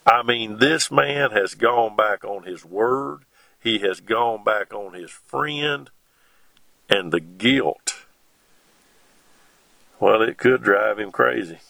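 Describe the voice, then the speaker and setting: A middle-aged man, preaching a sermon in a slow, folksy way with homespun asides between scripture readings. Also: on the low side, creaky, sharp tone.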